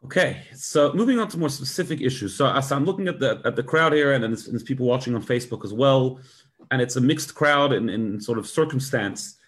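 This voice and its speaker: A man's voice: medium pitch, lively intonation, brisk. A man with a mid-range voice speaks informally to a room and an online audience. He works out his thoughts as he goes, with frequent ums and uhs. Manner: thinking aloud with fillers. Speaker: speaker addressing a group.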